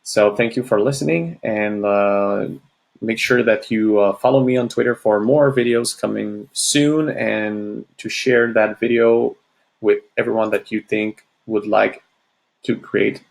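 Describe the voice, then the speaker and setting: A man with a French Canadian accent, a native French speaker, walking through a software tutorial in a halting, apologetic way with many fillers. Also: on the low side, fairly even intonation, creaky. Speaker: tutorial host. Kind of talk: screen-recorded software tutorial.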